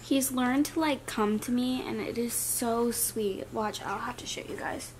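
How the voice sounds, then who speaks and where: A young adult woman vlogger talking casually to the camera in a chatty, rambling, soft-spoken way. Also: a little high, steady tone, unhurried, a little hiss or hum.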